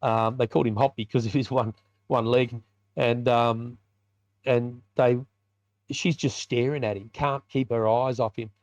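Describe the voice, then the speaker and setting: A man's voice: mid-range voice, fairly even intonation, unhurried, no room sound, muffled recording. Australian man telling a vivid story. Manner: colloquial, vivid storyteller acting out dialogue. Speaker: podcast guest, biker ministry leader. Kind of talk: telling a personal story in a podcast interview.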